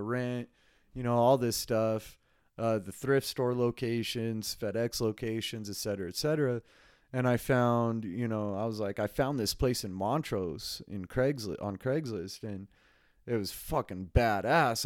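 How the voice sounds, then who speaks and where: A man's voice: mid-range voice, darkish tone, no echo, studio quality. A man hosting his own podcast, rambling in a casual solo monologue, swearing freely and laughing often. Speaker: podcast host. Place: home recording space.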